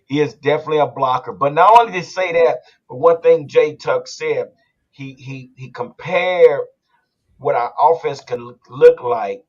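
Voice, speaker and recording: A man hosting a casual sports podcast, talking in an animated, rambling way. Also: mid-range voice, moderate pace, highs cut off. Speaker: podcast host.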